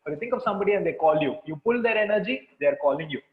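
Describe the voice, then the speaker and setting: A man with a slightly raised voice leads a webinar, greeting guests and then guiding a slow, repetitive visualization. The sound comes through a thin, phone-like video call line. There is a roomy echo around his voice. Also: high voice. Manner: calm, repetitive instructions. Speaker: webinar facilitator. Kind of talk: guided energy exercise and group chat. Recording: tinny call audio with room echo.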